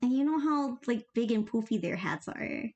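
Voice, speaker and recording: A woman's voice: fairly high pitch, lively intonation, moderate pace, darkish tone, dull audio. A young woman animating on a live stream, chatting casually in a bubbly, giggly, slangy way and reading chat aloud. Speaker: animator streaming while drawing.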